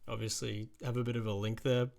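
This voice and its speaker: Aussie guy reacting to an album, gravelly voice, rambly and sweary, lots of likes and ums. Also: mid-range voice, flat delivery, brisk, a little mellow. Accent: Australian. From Australia. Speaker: music reaction host. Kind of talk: casual reaction commentary.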